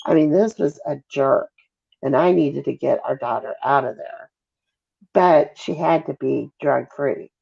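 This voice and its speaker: A middle-aged Midwestern woman giving an emotional interview as a mother. She talks haltingly, breaks off and apologizes, with a gravelly edge to her voice. The call audio sounds dull and lo-fi. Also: extremely low pitch, dark tone.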